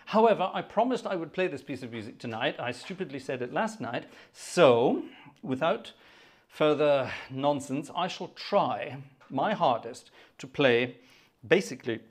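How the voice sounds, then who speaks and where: A man with a slightly high, husky voice and lively intonation speaks a little slowly as he hosts a livestreamed organ concert. He greets viewers by name in a chatty, jokey way, throwing in self-mocking asides.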